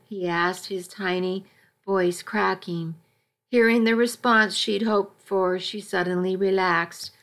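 A woman reading a first-person story aloud in a measured, even storytelling delivery. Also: mid-range voice. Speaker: audiobook narrator. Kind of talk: first-person scripted narration.

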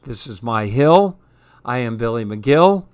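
A man reading a storybook, voicing a grumpy man who insists on living alone on his hill, speaking gruffly. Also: medium pitch, lively intonation, slow pace, no echo. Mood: stubborn.

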